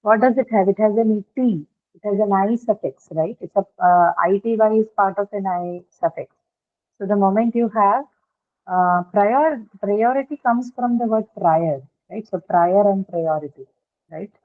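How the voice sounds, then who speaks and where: A woman's voice: mid-range voice, normal speed. A woman teaching an English class, explaining patiently and checking in with her students. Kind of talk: classroom lecture on word stress. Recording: phone-like lo-fi classroom audio.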